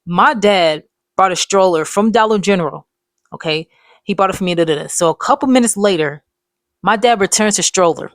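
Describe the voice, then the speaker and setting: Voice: medium pitch, fairly quick, dry recording. Rambling, cussing storyteller in their twenties. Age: 20s. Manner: rambling, profane, loose slangy talk. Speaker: vlogger telling life stories. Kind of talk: casual storytime monologue.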